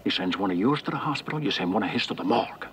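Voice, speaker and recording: Brief: a hardened older cop, very deep, intense, set back from the mic in a film scene with ambience. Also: male voice, animated, very fast, a bit bright, a little hiss or hum. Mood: menacing. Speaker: film character. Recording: film clip, distant with background ambience.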